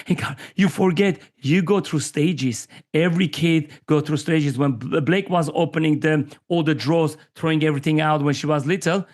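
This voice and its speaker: Animated man from Armenia telling stories. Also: a little high, brisk, few pauses. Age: 40s. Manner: animated storyteller who acts out quoted voices. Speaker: podcast guest. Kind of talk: candid conversational interview.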